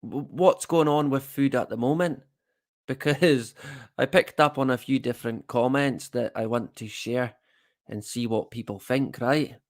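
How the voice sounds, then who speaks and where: A man's voice: medium pitch, measured pace. A Scottish man hosting a livestream, chatting casually to viewers with self-deprecating, rambling asides. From Scotland. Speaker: livestream host.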